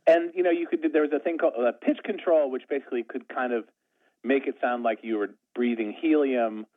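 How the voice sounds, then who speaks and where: A man's voice: medium pitch, brisk. A man talking as an interview guest in a rambling, self-deprecating way, full of restarts. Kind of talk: casual conversation. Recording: tinny phone line.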